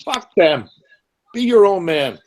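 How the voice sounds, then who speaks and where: A man in casual chat who keeps pressing with blunt, profane questions. His voice sits a little high. He sounds direct and impatient. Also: sing-song, slow.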